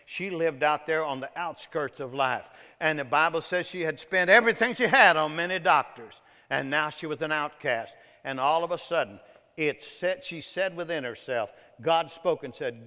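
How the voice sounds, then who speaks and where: A man preaches a sermon in a high-ish, bright and forceful voice. He jumps from loud bursts down to soft, hushed phrases, and his voice rings through a hall with a long reverb. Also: moderate pace.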